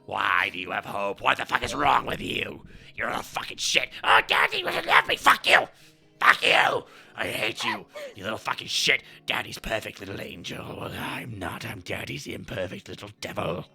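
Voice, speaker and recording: A man's voice: on the low side, wildly swooping pitch, moderate pace, creaky, bright, forceful tone, slightly rough, pitched below the performer's own voice, heavily acted. A man voicing a murderous male demigod villain with a guttural, wet-sounding growl, taunting and hateful.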